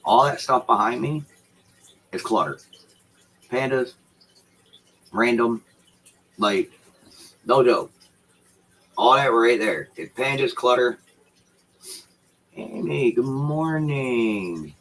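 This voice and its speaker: A man's voice: mid-range voice, takes it slowly, long pauses, a bit bright, slightly rough, rough recording. A man rambling in casual, profane chat to his livestream viewers from a room at home. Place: home room with shelves behind him. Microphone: computer setup with dual screens.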